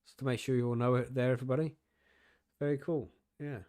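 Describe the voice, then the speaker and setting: A man's voice: medium pitch, fairly even intonation, quick pace, dark tone, no echo, studio quality. A man hosting a casual podcast chat, laid-back, swearing and laughing easily. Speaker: podcast host.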